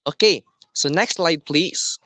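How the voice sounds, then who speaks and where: A man teaching a class, explaining slowly and deliberately and often checking in with "okay". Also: fairly high pitch, sharp tone, no room sound. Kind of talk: classroom lesson.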